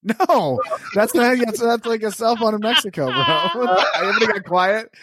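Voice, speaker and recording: A man's voice: high voice, moderate pace, pushed and bright. A man hosting a podcast, chiming in with teasing jokes in casual chat. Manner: joking, teasing interjections.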